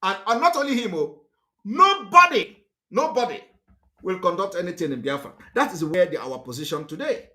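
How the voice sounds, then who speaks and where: A man's voice: sits high, sing-song, brisk, fairly bright tone. A man with a Nigerian accent gives a fiery, repetitive, emphatic political monologue as a livestream host.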